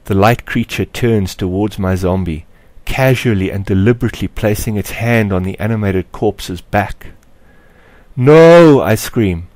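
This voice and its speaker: A low-voiced man, the author himself, reads his story in a measured, expressive audiobook style. The recording is dry and close, without room echo.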